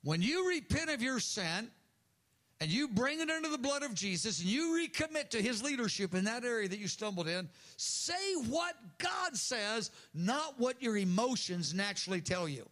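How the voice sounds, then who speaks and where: A man's voice: sits high, animated, brisk, a bit bright. An older man preaching an earnest sermon to a congregation, acting out voices in the prayers he quotes. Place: church hall with audience.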